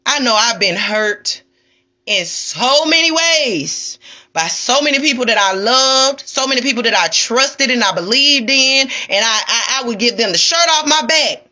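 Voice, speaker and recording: Woman, spiritual streamer, sassy and preachy, lively swooping delivery. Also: fairly high pitch, a little slow, dull audio. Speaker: spiritual livestreamer. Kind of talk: ranting livestream monologue.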